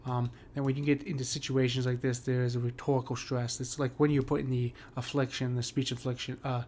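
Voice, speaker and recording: A poetry teacher walks through a poem's meter in a casual screen-share lesson, leaning on fillers and checking in with "right?" His medium-pitched voice is flat and darkish, a little fast, with slight background noise.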